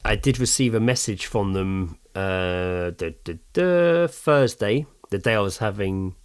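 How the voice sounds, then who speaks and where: A man's voice: on the low side, lively intonation, unhurried, smooth. Wry man with tooth pain. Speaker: podcast co-host. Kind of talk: casual chat. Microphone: podcast mic with headphones.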